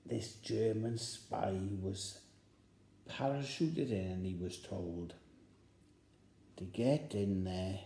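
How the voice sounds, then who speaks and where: A man's voice: low voice, slow pace, gravelly, pauses often, warm tone. A man telling a joke as a rambling story, repeating phrases for effect. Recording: roomy echo.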